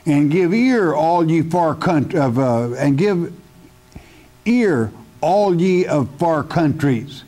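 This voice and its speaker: A man's voice: fairly high pitch, animated, slow, dark tone. A man teaching the Bible verse by verse in a sermon, speaking emphatically and addressing the listener directly as a friend. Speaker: pastor.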